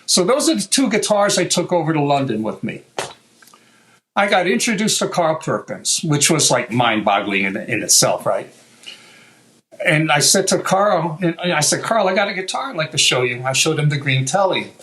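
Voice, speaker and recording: Older man, American, casual guest storyteller, fairly high voice, animated, swears. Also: moderate pace, poor audio. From United States. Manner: animated, swears, acts out quotes. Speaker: guest luthier.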